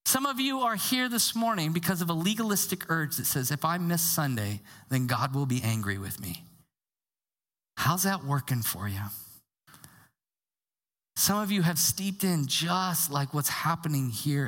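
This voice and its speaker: A woman pastor delivering a sermon in an animated, conversational way, sometimes dropping to a hushed tone for emphasis. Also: sits low, measured pace. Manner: animated, conversational preaching with acted quotes.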